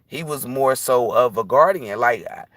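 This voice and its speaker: A man's voice: mid-range voice, expressive, normal speed, fairly bright tone, dry recording. A man who reads tarot, talking casually and bluntly on a livestream, preachy and profane. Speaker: tarot reader.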